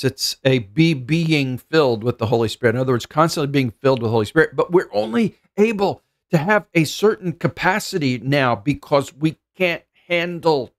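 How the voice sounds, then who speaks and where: A middle-aged man preaching a sermon as pastor, earnest and thinking aloud, often repeating words as he goes. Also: mid-range voice.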